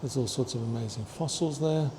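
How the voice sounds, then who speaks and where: A man excitedly touring a fossil museum, chatting to his viewers and tripping over long names. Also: medium pitch, a little fast, noisy background. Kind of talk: walking museum tour vlog. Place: indoor museum hall.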